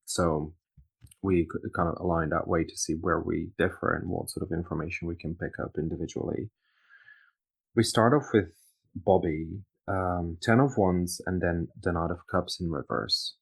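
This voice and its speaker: A man's voice: low voice, moderate pace, gravelly, husky. A man co-hosting a casual tarot reading chat, agreeable and thoughtful. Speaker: tarot reader co-host.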